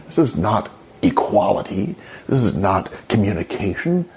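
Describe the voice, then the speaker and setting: A man's voice: on the low side, sing-song, normal speed, a little mellow. A man hosting an opinion commentary, indignant and sarcastic, often exclaiming. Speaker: channel host.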